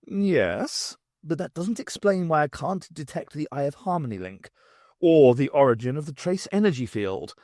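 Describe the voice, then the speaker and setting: An irritable male time traveller, as read by an audiobook narrator, lecturing briskly with dry sarcasm and a lively, rising and falling delivery. The recording is dry and close. He sounds impatient at being questioned. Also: a little high, no room sound, voice pushed up, close to an everyday voice. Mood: explaining. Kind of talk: audiobook character voice.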